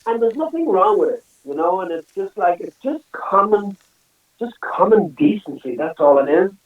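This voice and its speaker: A talkative man with a high voice, who tells his stories in a loose, easy way and laughs between them. He is heard remotely over a thin, phone-like line. The sound is distant and echoey. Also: big pitch swings, normal speed. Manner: chatty storyteller, laughs often, many "you know"s. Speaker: singer and guest. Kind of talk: casual interview chat.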